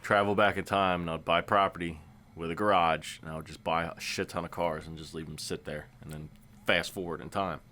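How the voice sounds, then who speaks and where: A man's voice: sits low, fairly even intonation, brisk, bright, forceful tone. A man co-hosting a casual horror podcast, laid-back and swearing freely, sometimes trailing off into mumbles. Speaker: podcast co-host. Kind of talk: casual chat.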